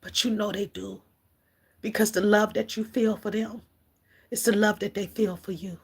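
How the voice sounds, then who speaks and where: Tearful, gravelly-voiced woman giving a spiritual reading. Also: medium pitch, steady tone. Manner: emotional, halting, addresses viewers as collective. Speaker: spiritual reader. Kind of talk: livestream spiritual message.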